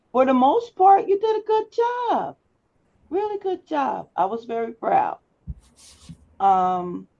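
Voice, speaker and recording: On a video class call, a public speaking instructor lectures live to her students, firm and instructive as she addresses them directly. Her voice is fairly low, gravelly and warm, picked up by a computer mic with slightly dull audio.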